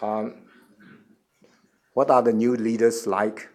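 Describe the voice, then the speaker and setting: A man in his seventies answering questions as a guest at a forum, earnest and halting, often repeating words before he finds the next phrase. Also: medium pitch, little pitch movement, darkish tone. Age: 70s. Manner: earnest, measured explanation. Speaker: guest speaker.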